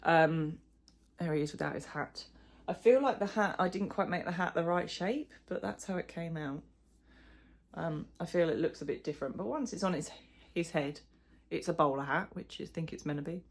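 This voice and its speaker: Speaking at a moderate pace in a low voice, this crochet vlogger, a middle-aged woman, keeps things casual. Her talk wanders, full of fillers and self-deprecating remarks.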